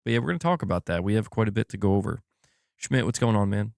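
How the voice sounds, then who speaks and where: A man with a lowish voice hosts a live gaming stream, ranting in a loose, candid way and swearing freely. He speaks close to a desk microphone in a dry room with no echo. The delivery is casual and frank. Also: lively intonation, quick pace, vocal fry, a little mellow. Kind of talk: casual livestream talk.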